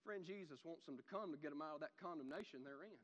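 A man preaching a sermon, animated, swinging from loud shouts to quiet asides. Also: a little high, quick pace, big-room sound.

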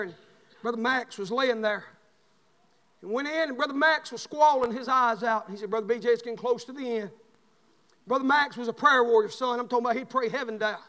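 A man's voice: very high voice, pushed and bright. A man preaching a fervent Baptist revival sermon in a church. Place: church sanctuary. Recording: long church-hall reverb.

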